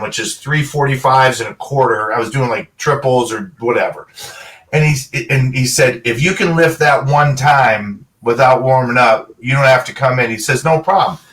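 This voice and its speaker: A middle-aged man, a guest in a casual interview, telling animated stories and acting out short bits of dialogue. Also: medium pitch, distant mic, rough recording. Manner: animated storyteller, quotes people in short dialogue. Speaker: guest, former pro football player.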